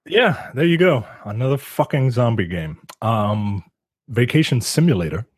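Husky man in lively podcast chat. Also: medium pitch, moderate pace, no echo. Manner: rambling, swears, acts out quotes. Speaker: podcast co-host. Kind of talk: casual chat.

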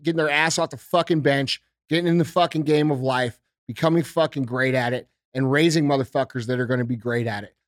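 A man's voice: mid-range voice, no room sound, studio quality. A man hosting a podcast, ranting with heavy swearing and repeated rhetorical questions. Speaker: podcast host. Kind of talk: profane political rant.

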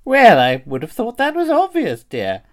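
A man's voice: sits high, huge pitch swings, normal speed, voice pushed up. A man voicing a fussy, genteel elderly lady who calls everyone "dear" with prim condescension.

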